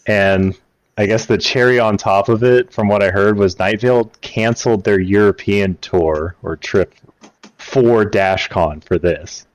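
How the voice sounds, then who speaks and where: Deep-voiced man telling a story. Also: unhurried, lo-fi sound. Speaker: podcast host. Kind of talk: casual podcast chat.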